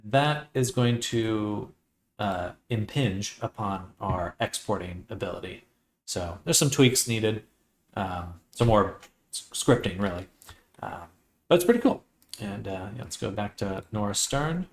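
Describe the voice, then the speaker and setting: A man's voice: lowish voice, unhurried, echoey room, a little hiss or hum. A man casually narrating his 3D character work as he goes, thinking aloud with lots of ums and restarts. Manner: relaxed, thinking aloud with many fillers. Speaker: 3D artist and streamer. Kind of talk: casual screen-share tutorial.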